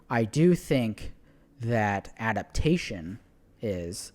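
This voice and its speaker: A man's voice: medium pitch, a little slow. A man co-hosting a podcast, speaking emphatically and joking around while giving opinions about relationships. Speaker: podcast co-host. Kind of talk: casual chat.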